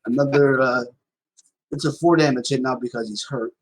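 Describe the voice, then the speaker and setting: A man's voice: medium pitch, steady tone, fairly quick, no room sound, poor audio. A man playing a tabletop game, hesitant and checking the rules aloud. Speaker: player. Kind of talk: casual tabletop play.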